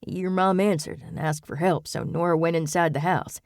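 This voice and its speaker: A woman reading an audiobook voices a steady male police officer who speaks in a soothing, patient, measured way. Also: fairly low pitch, dry recording, studio quality, close to an everyday voice. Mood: calm.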